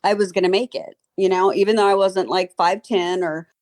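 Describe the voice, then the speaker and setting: A woman's voice: mid-range voice, steady tone, fairly quick, a little mellow. A woman in her fifties from the Southern US with a slight Southern accent, chatting in a friendly way as a podcast guest. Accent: slight Southern American. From Baton Rouge, Louisiana. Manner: friendly, chatty, laughs easily. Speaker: guest, former model and author. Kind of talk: casual interview chat.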